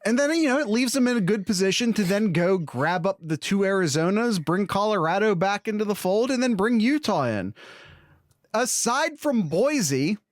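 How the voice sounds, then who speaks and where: A man co-hosting a sports podcast, talking casually in an animated, opinionated way with quick restarts. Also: high-pitched, no echo, clean studio sound. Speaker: podcast co-host.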